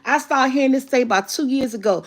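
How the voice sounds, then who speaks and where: A woman in her fifties talks straight to her viewers in a casual motivational vlog. Her voice sits a bit high, and she is candid and emphatic, swearing freely as she makes her points. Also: fast. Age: 50s. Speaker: vlogger.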